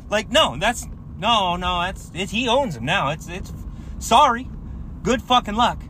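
A man's voice: high voice, expressive, measured pace, bright, forceful tone, a little hiss or hum. A man who works as a contractor, telling a story in a heated, profane rant full of swearing and restarts. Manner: rambling, with many fillers and restarts.

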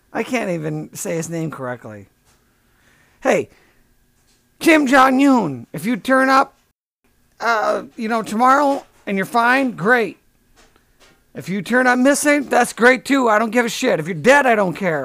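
A man's voice: high voice, animated, moderate pace, creaky, long pauses, fairly bright tone, no echo. A man hosting a comedy podcast, delivering a sarcastic, profane, rambling rant. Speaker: podcast host.

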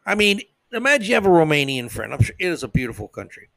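A man hosting a podcast, ranting in a sarcastic, mock-outraged comedic monologue. His voice sits a little high and he mocks freely. The sound is dry and close-miked with no room echo. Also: big pitch swings, quick pace, gravelly, a bit bright. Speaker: podcast host.

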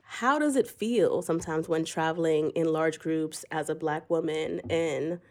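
Woman host, engaged, thoughtful questions, lowish voice. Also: measured pace. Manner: engaged, asks thoughtful follow-ups. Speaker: podcast host. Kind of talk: casual interview chat.

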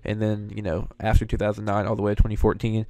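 A man's voice: fairly low pitch, completely flat delivery, fast talker, darkish tone, no echo. A young man hosting casual commentary, an opinionated, chatty fan. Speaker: show host reviewing voice actors.

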